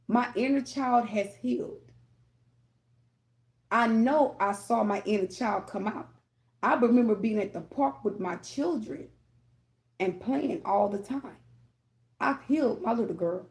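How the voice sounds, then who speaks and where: Gravelly-voiced woman talking tarot to viewers. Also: mid-range voice, unhurried, long pauses. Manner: candid, rambling, addresses viewers with "y'all" and "okay?". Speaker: tarot reader. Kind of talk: casual spiritual talk to viewers.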